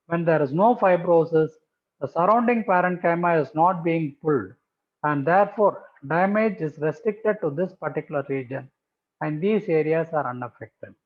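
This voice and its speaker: A man's voice: fairly high pitch, normal speed. A man giving a methodical pathology lecture over slides, repeating key terms for emphasis. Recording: tinny phone-like audio.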